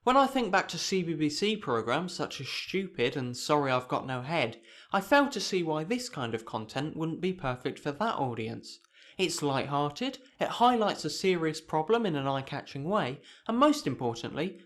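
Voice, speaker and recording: A man's voice: a little high, big pitch swings, moderate pace, fairly bright tone. A young man narrating a scripted video essay in a dry, sardonic manner.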